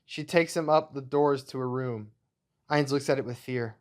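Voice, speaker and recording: A man's voice: medium pitch, moderate pace. A man hosting his channel, reading his own screenplay aloud in a plain, matter-of-fact way. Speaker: channel host.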